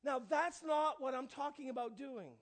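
Male pastor, very high voice, sermon delivery that surges loud then drops to a hush. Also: moderate pace. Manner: swings between hushed asides and loud emphatic proclamations. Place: church.

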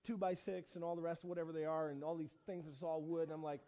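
A middle-aged man preaches in a high, lively voice, jumping in with fillers and restarts as he tells stories against himself. The sound is dull and lo-fi. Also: quick pace. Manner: animated, self-mocking, lots of restarts and fillers. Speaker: pastor. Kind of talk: storytelling sermon. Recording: dull lo-fi recording.

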